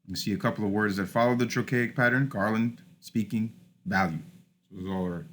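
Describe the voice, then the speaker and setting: A man's voice: fairly low pitch, racing, a bit bright. A man teaching a class over slides, explaining step by step with frequent "all right" and "uh" fillers. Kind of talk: recorded lecture over slides.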